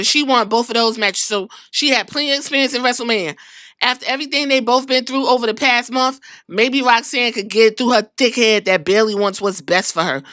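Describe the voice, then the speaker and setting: Sassy woman recapping wrestling, bright voice. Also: on the high side, no echo, studio quality. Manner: sassy, profane, conversational. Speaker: podcast host.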